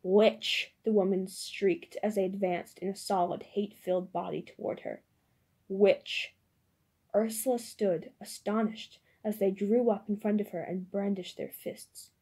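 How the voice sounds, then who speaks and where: Woman audiobook narrator, measured delivery, mellow dark tone. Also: medium pitch, steady tone, husky. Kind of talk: audiobook reading.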